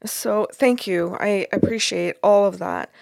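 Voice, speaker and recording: Woman, medium, telling a long story at an easy pace, gravelly voice, dry close sound. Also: mid-range voice, unhurried, a little mellow, no room sound. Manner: recounts at length, acting out what people said. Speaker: medium recounting a reading. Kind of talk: conversational storytelling.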